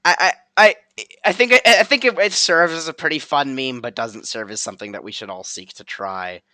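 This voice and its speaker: Young man, streamer host, giggly, rambling, bright tone, dry sound. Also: fairly high pitch, a little fast, dry recording. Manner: giggly, rambling, lots of ums. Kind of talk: casual livestream chat.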